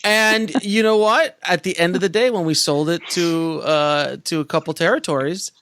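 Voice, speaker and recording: A man's voice: sits high, moderate pace, fairly bright tone. A man hosting a podcast, chatting candidly and casually with his guest. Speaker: podcast host. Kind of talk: conversational interview.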